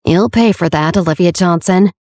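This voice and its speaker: A woman's voice: on the low side, normal speed, a little mellow, dry recording, lightly acted. A woman voicing a vile, vindictive male manor doorman who sneers at visitors, read in a dry, close audiobook voice. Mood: menacing. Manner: sneering, leering, then cowed.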